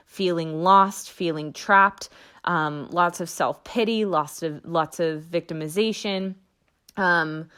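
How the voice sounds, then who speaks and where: A woman's voice: mid-range voice, a bit bright. A young adult woman hosting a podcast, teaching energy work in a soothing, reassuring way with light laughs. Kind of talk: casual spoken podcast teaching.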